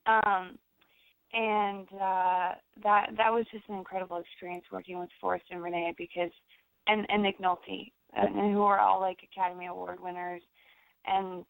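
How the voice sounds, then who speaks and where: A young American actress chatting in an interview, rambling with lots of fillers and restarts. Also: female voice, medium pitch, flat delivery, moderate pace, vocal fry, dry recording. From United States. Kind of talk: casual interview chat. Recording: dry tinny phone-like sound.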